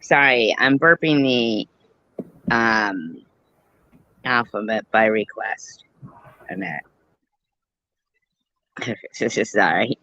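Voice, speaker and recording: A woman's voice: extremely low pitch, extremely slow, pauses often, sharp tone, dry recording. A woman hosting a casual live-stream commentary, joking crudely and swearing freely. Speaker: commentary host. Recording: dull muffled dry sound.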